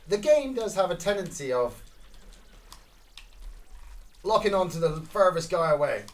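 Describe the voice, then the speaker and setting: A Scottish man giving casual, excitable gameplay commentary, swearing and reacting loudly to each kill. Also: on the high side, a little slow. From Scotland. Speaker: gaming streamer.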